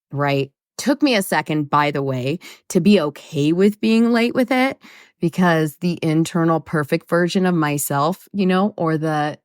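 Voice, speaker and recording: A woman with a low voice hosts a self-help podcast in a blunt, swearing, emphatic monologue. She pokes fun at herself as she goes. The recording is dry and close to the mic. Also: clean tone, no echo. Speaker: podcast host.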